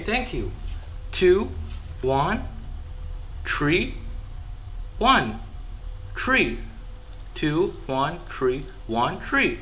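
A man giving live gameplay commentary, excitable and easily frustrated, with sudden yelps and outbursts. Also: high voice. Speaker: gaming YouTuber.

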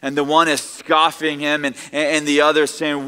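A male pastor delivers a sermon to his congregation, his voice bright and forceful. He preaches conversationally and slips in joking asides. The sound rings with a long church-hall reverb. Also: on the high side, completely flat delivery, moderate pace, clean tone. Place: church sanctuary with audience.

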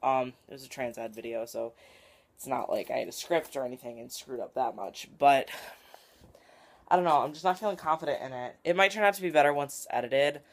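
A young vlogger chatting casually on camera in a daily vlog, rambling and filling every pause with "like" and "literally". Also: medium pitch. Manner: rambling, filler-heavy, says "like" and "literally" a lot.

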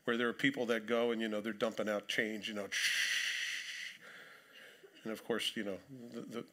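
Bright-voiced pastor preaching with dry humor. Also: male voice, fairly low pitch, level tone, fast talker. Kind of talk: sermon with scripture reading. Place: church sanctuary.

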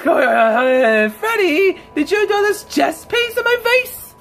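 A woman voicing an upset girl with a bruised nose, complaining in a shrill, tearful way. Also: sing-song, takes it slowly, fairly bright tone, faint music behind, exaggerated voice. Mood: hurt. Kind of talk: fan-made character voice acting.

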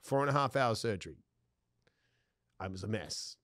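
Male podcast guest, lively storyteller who laughs through his lines, dry close-miked sound. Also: fairly low pitch, moderate pace, dry recording. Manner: animated, laughs often mid-sentence; acts out dialogue in his stories. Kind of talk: personal storytelling.

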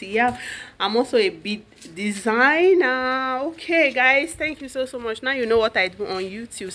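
A woman's voice: a little high, slight background noise. A woman with a Nigerian accent chatting casually in a family vlog, recorded outdoors at home with a camera mic, laughing often as she talks. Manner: chatty, laughs often, shouts at her child. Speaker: vlogger. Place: outdoors at her home compound and garden.

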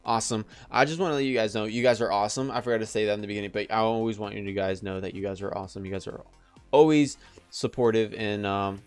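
A man giving casual, excitable gameplay commentary, chatty and thinking aloud as he plays. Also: on the low side, quick pace, smooth, faint music behind. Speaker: let's play gamer.

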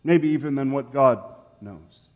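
A man pastor preaching a sermon in a church sanctuary, telling the story in an animated way and acting out the quotes. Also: medium pitch, a little slow, long reverb tail, dull audio.

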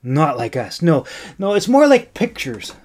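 A man voicing a gentle young woman who talks to dragons in a soft, sing-song cooing voice. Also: a little high, huge pitch swings, measured pace, pitched above the performer's own voice, exaggerated voice. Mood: explaining.

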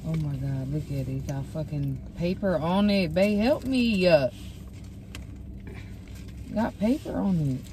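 A woman in casual chat, loud and complaining, swearing freely while eating in a car. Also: low voice, unhurried, pauses often, noisy background. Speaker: vlogger. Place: in a parked car.

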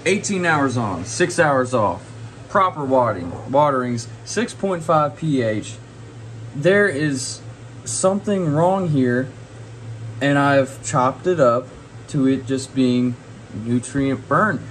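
A man's voice: mid-range voice, measured pace. Young male vlogger, angry venting rant, swearing, exasperated, faint air conditioning hum behind. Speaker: home grow vlogger. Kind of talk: frustrated casual vlog rant. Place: indoor grow room by a tent.

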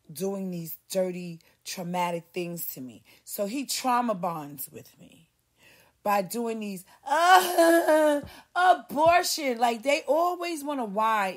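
A woman hosting a podcast, ranting in a rambling, profane monologue and mimicking other people in a raised voice. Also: mid-range voice. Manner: heavy cursing, animated, mimics others in raised voice. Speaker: podcast host.

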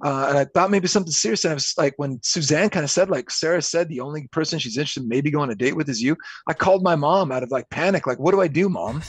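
A young man spins personal stories in an easy podcast chat, talking fast and acting out the people he quotes. His voice has a slightly husky grain. The sound is dry and close to the mic. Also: a little high, no echo. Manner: animated storyteller, quick, acts out quotes. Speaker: podcast guest. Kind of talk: casual storytelling chat.

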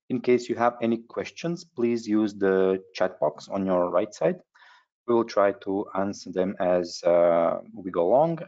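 Guy running a webinar, kinda low voice, lots of uhs, muffled lo-fi sound. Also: a little mellow. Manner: halting, frequent hesitations. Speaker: webinar host. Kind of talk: webinar presentation. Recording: dull lo-fi webinar audio.

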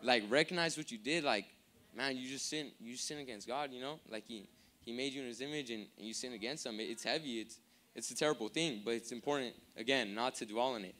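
A young man gives a sermon in a relaxed, everyday voice of middle pitch. His delivery is rambling and full of fillers, and he keeps asking the congregation to repeat key words. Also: fairly quick. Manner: casual, filler-heavy preaching with many "like"s; rouses the crowd to call back words. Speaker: preacher.

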